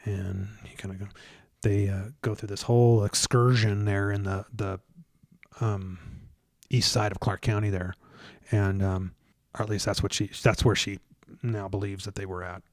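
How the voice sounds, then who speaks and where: A man telling a story in a casual interview, stumbling over restarts and fillers and getting animated as he retells scenes. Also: on the low side, no room sound, studio quality. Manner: halting, many restarts and fillers. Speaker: guest researcher.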